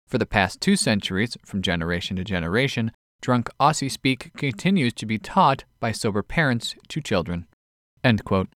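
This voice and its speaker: A man reads quirky news items from a script as the host of a weekly podcast. His voice sits in a middle register, and he keeps an even, measured delivery as he reads quotes aloud. The recording is close and dry, with no room sound. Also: medium pitch, dry recording.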